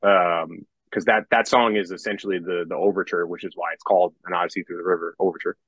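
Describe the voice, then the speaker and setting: A man's voice: sits low, fairly even intonation, fast, a bit bright, husky, no room sound, highs cut off. A young man, a metal songwriter, talking casually on a podcast, rambling with many restarts and casual swearing.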